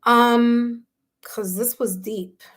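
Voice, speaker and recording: A woman's voice: on the high side, steady tone, very slow. A woman hosting a live tarot reading, talking effusively to viewers and gasping and exclaiming as she reads their replies. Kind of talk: live-stream chat, reading viewer comments aloud.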